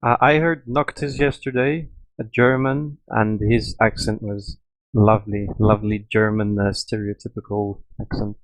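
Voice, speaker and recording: A man co-commentating a gaming league draft, relaxed and easygoing with lots of fillers. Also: on the low side, moderate pace, no echo, rough recording. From Europe. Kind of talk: casual stream commentary.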